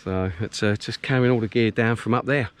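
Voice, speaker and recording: A man's voice: lowish voice, fairly quick, clean tone. A middle-aged man chatting casually to a handheld camera about his fishing setup, with lots of ums and restarts, outdoors on a reservoir bank. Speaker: match angler filming his day. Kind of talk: casual vlog commentary. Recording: loud wind noise outdoors.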